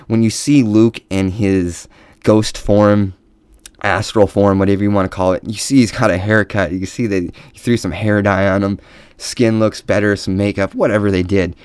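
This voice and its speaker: Low-voiced man in a profane rant. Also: a little mellow, smooth, dry recording. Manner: profane, heated, sarcastic. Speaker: movie ranter.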